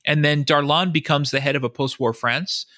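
A man's voice: on the high side, steady tone, normal speed, pushed and bright, dry recording, studio quality. A man, a historian and author, giving long explanatory answers in a podcast interview, often quoting sources and thinking aloud.

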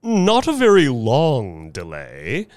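A man voicing a serene, smooth-talking male showman who soothes and stalls. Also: medium pitch, huge pitch swings, a little mellow, no room sound, studio quality, pitched above the performer's own voice. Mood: soothing. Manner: oily, soothing, drawn-out.

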